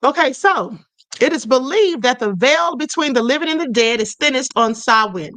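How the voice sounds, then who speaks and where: A woman with a bright, forceful voice hosts a live stream, talking her viewers through the subject in a chatty, conversational way. She keeps checking in with "okay" and reads comments aloud as they come. Her voice sits fairly high, and the sound is dry and close. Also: expressive, moderate pace, no echo. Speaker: host of a spirituality live stream.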